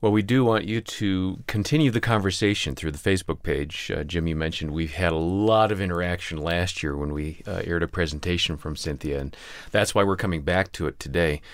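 A man co-hosting a radio talk show, steady, asking the guest questions with brief hums of assent. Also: sits low, brisk, few pauses, dry recording.

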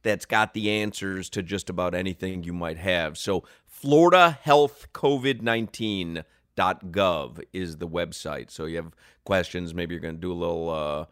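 A man's voice: deep voice, normal speed, fairly bright tone, clear, resonant tone, no room sound, clean studio sound. A man co-hosting a radio show, bantering with a laugh and reading sponsor copy. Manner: joking, laughs often, reads sponsor copy. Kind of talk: sports radio banter and live reads.

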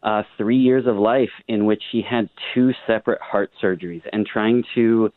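A man, a musician guest on a phone interview, speaking earnestly and gently. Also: fairly low pitch, fairly even intonation, normal speed, dry recording. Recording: tinny phone line, dry.

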